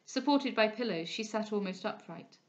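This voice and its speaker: Expressive woman reading a classic novel. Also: mid-range voice. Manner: expressive, measured storytelling. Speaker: audiobook reader.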